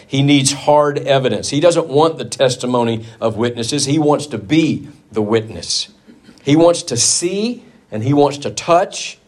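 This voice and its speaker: A man's voice: medium pitch, a little mellow. A man preaching a sermon in a church, telling a Bible story earnestly and leaning hard on key words. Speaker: pastor.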